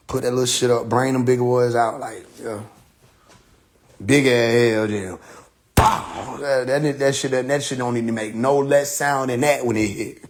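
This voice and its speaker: A man hosting a casual live stream, riffing loudly with profanity and frequent laughter. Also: mid-range voice. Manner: loud joking rant, heavy profanity, laughing often. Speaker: livestream host. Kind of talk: casual livestream chat.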